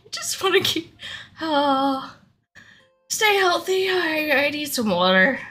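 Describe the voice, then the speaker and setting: A woman's voice: high voice, pushed and bright. A woman streamer chatting casually on a livestream, giggling often and a little out of breath. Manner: giggly, laughs often between words.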